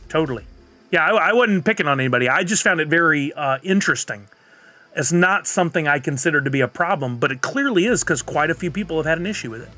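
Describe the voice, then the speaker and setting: A man's voice: a little high, pushed and bright. A man streaming live, chatting casually and answering viewers' comments. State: has the hiccups.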